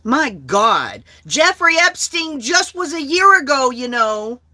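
A woman's voice: sits high, sing-song, slow, bright, forceful tone. A woman talking on her own livestream, blunt and heavily profane. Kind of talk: casual livestream talk.

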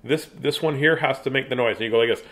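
A man's voice: mid-range voice, fast talker, fairly bright tone. A man hosting a live book-reading show for children, chatting casually and playfully with viewers and breaking into silly sing-song chants and mock announcer calls. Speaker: host reading children's books on a livestream.

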